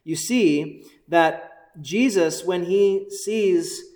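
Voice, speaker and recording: A male pastor preaching a sermon in an energetic, conversational way, often checking in with the congregation. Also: sits high, drawn-out words, echoey room. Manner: energetic, conversational, keeps asking "right?"; excited, bouncing while preaching.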